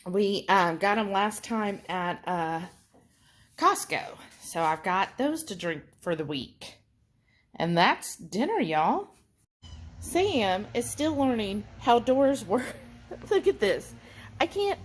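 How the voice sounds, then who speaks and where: A woman's voice: medium pitch, big pitch swings, takes it slowly. A woman, chatting casually to her viewers in a food vlog at home. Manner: chatty, folksy, warmly addresses viewers as y'all. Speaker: keto food vlogger.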